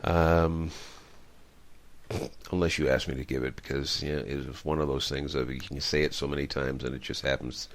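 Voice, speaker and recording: Very deep-voiced male radio host. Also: level tone, normal speed. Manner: rambling, reflective storytelling with many fillers. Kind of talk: radio interview conversation.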